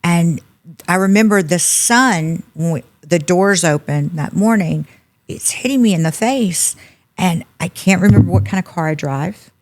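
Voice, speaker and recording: A middle-aged woman with a drawl and a somewhat low voice tells her story in an interview. She speaks in an animated way and slips into the voices of the people she quotes. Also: a little slow, a little hiss or hum. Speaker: podcast guest.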